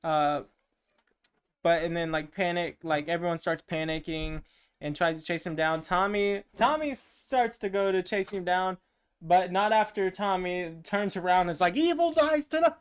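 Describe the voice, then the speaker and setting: A man's voice: high-pitched, steady tone, normal speed, clean tone. A man co-hosting a podcast, casually retelling a movie plot in a rambling way with quoted lines. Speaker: podcast co-host. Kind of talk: casual movie recap chat.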